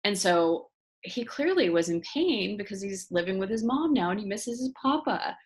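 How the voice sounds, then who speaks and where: A woman in her forties hosting an interview, telling a personal story in an animated way and acting out the voices of the people in it. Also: mid-range voice, moderate pace. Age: 40s. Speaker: host. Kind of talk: casual interview chat.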